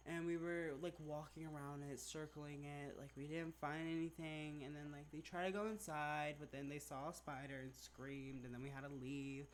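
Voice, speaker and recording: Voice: medium pitch, normal speed, few pauses, a little hiss or hum. Rambling casual storytime vlogger. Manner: rambling, filler-heavy, says "like" constantly; chatty, animated retelling.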